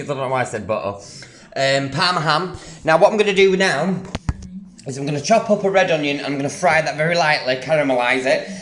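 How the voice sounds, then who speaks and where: A man's voice: fairly high pitch, a bit bright. Chatty man cooking in an echoey kitchen. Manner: chatty, rambling, enthusiastic about food. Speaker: home cook. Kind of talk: casual cooking vlog. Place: home kitchen.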